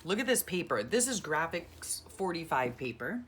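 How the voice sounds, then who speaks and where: Sorting through her craft keepsakes, a middle-aged vlogger chats in a casual, sentimental way, gushing and rambling. She speaks in a low voice, very animated and at a moderate pace. A faint hiss or hum runs under the recording.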